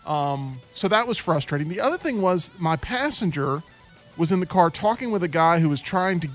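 A male host with a slightly high voice tells stories animatedly, putting on voices for the people in them. Faint music runs under his talk. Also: normal speed. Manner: animated storyteller who acts out quotes. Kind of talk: casual chat.

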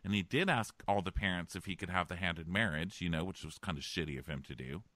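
A man co-hosting a relaxed comedic recap chat, laid-back, heavy on filler words. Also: low voice, fast, dry recording. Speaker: podcast co-host.

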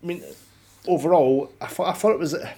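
A man's voice: on the high side, fairly even intonation, brisk, warm tone. A man chatting casually about a film, rambling with many restarts and swearing freely. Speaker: film podcast co-host. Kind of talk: casual chat.

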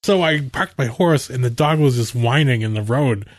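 A man's voice: medium pitch, moderate pace, no echo. A man in casual chat about a video game, laid-back, laughing often and swearing. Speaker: gamer.

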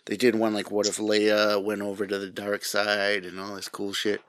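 A man's voice: on the low side, monotone, moderate pace, a bit bright, dry recording, clean studio sound. A middle-aged man with a New England accent, co-hosting a podcast in casual chat and laughing often. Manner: laughs often, jokey asides. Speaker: podcast co-host.

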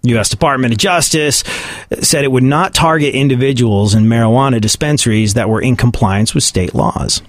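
A man's voice: medium pitch, moderate pace, no echo, clean studio sound. A man giving sarcastic comedic commentary on the news and often laughing at his own points.

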